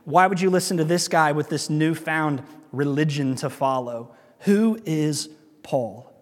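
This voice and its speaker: An exasperated apostle scolding his churches, voiced higher and pleading, all incredulous questions, as a male preacher acts him out in a sermon. A long reverb trails his words, as if in a large hall. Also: a little slow, natural voice.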